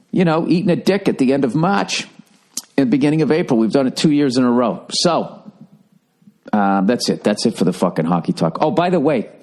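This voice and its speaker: Profane rambling man on a podcast. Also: mid-range voice. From United States. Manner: profane, rambling, animated storytelling. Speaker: podcast host. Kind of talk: casual solo podcast rant.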